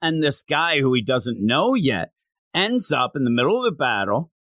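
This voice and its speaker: A man co-hosting a podcast, chatting casually and excitedly as he reviews a manga chapter and acts out lines from it. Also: medium pitch, normal speed, no echo. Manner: animated, excitable storyteller acting out quotes. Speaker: podcast co-host.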